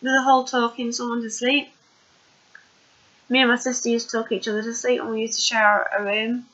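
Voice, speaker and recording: Bright-voiced chatty woman, lo-fi. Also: fairly high pitch, level tone, fairly quick. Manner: chatty and rambling, many fillers. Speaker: TV episode recapper. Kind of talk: casual video recap.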